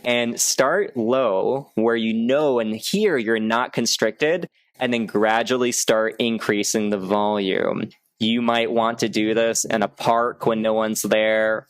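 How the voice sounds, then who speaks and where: A man from the United States runs a public speaking lesson at a middle pitch. His teaching is upbeat and clear, with sudden vocal demonstrations. The sound is close and dry, with no room around it. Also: dry recording. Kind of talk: instructional video talk.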